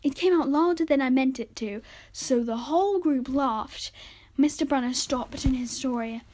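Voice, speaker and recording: A woman's voice: sits high, normal speed, darkish tone. A woman hosting a podcast, reading a novel aloud in a chatty, informal way and correcting her own slips. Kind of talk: storybook reading.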